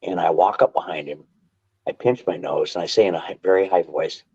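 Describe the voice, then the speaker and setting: An older man telling stories as a podcast guest, animated and quick to restart his sentences, on dull lo-fi audio. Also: low voice, slightly rough. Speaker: guest, martial arts instructor. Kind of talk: casual storytelling interview.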